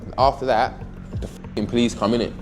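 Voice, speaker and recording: A man with a London accent telling his story in an interview, animated and slangy, swearing freely. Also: mid-range voice, brisk. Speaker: interviewee, knife crime campaigner. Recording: music playing under the voice. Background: music.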